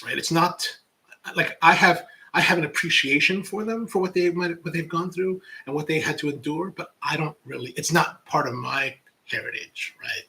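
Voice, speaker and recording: A man's voice: on the high side, creaky, bright, forceful tone, rough recording. A middle-aged man hosting a coffee livestream, chatting in a rambling, reflective way with many restarts. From United States. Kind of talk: casual livestream chat.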